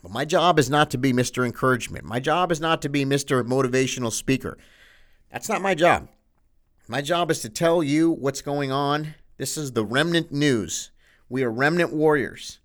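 A man hosting his own news show as a pastor, delivering an impassioned, sarcastic monologue that swings between loud outbursts and hushed asides. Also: fairly high pitch. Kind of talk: political news commentary monologue.

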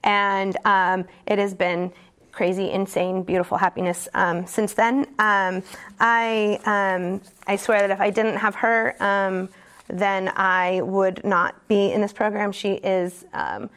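A woman telling her own recovery story at a support meeting, candid and earnest, halting often with fillers and restarts. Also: mid-range voice, level tone, a bit bright. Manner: earnest and emotionally open. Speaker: speaker sharing at a recovery meeting. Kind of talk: personal recovery testimony.

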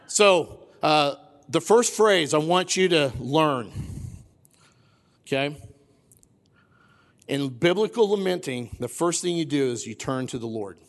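A man's voice: on the high side, fairly bright tone. A pastor giving a conversational sermon in a church, repeating his key phrases for emphasis. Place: church sanctuary. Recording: long hall reverb.

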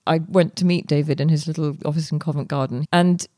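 A young woman, a guest author, telling her story in a relaxed interview, chatty with many fillers and restarts. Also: sits low, brisk, no echo, clean studio sound.

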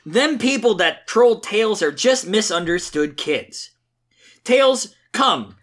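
A preachy, earnest cartoon hedgehog hero, put on by a podcast host in a comic dramatic reading. The voice is pushed higher and louder than usual and delivered slowly with exaggerated sincerity. The pitch swings widely. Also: big pitch swings. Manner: slow, raised and overly sincere.

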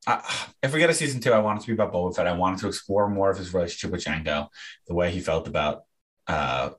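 A man's voice: low-pitched, fast. A young man co-hosting a casual fan chat, rambling with fillers and restarts. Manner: rambling, many fillers and restarts, laughs often. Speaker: podcast co-host.

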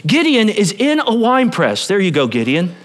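A man preaching a sermon to a church congregation, animated and playful, talking straight to the people in front of him. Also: high-pitched, normal speed. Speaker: pastor.

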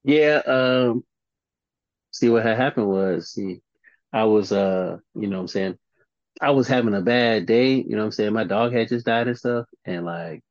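A man's voice: lowish voice, normal speed, no room sound. A man co-hosting a podcast, rambling and joking at his own expense in casual sports chat. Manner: rambling, jokey, self-mocking. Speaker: podcast co-host. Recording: slightly dull lo-fi recording.

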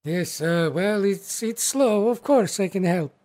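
A man's voice: sits high, animated, unhurried, darkish tone, pitched above the performer's own voice. A man voicing a hospitable young orc woman hostess who speaks in clipped, broken phrases. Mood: eager. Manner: eager, broken-accented, hospitable.

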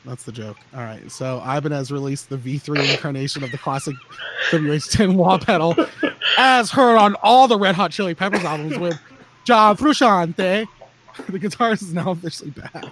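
On a gear podcast, a male host talks in a slightly high, fairly quick, somewhat bright voice over slight background noise. His casual chat rambles, is full of jokes, and keeps restarting.

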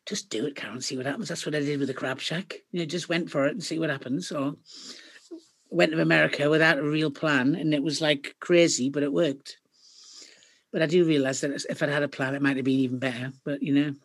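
A middle-aged woman with a Geordie accent, a podcast guest telling stories in a chatty, animated way. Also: low voice, a little fast. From Northeast England. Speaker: guest, company founder. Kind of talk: podcast interview.

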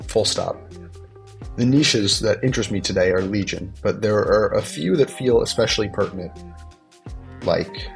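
Man podcast host, nasal from a cold, low gravelly voice, faint music behind. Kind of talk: podcast intro and interview.

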